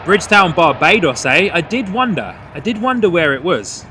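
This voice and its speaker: A man hosting a live plane-spotting stream from a hotel above the runway, excitedly calling out departures and greeting viewers. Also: sits high, moderate pace, a little hiss or hum. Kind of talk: live commentary. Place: hotel third floor overlooking an airport runway.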